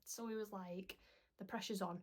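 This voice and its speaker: Young woman, casual vlog chat, rambling, lots of ums, mid-pitched voice. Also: steady tone, moderate pace. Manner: chatty and rambling, with frequent "um"s. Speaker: parenting vlogger.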